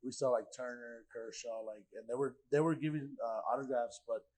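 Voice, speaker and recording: A man in the guest chair spins a story in loose, casual talk, slipping into the voices of the people he quotes. He swears freely and leans hard on fillers. His pitch sits at an ordinary middle height. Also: fairly quick, poor audio. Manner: animated, acts out quoted dialogue, swears freely, heavy filler "like". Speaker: podcast guest.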